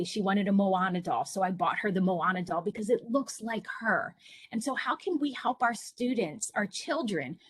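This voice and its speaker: A middle-aged woman presenting to parents over a video call, telling personal stories in an earnest, encouraging way. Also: medium pitch. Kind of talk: online presentation for families.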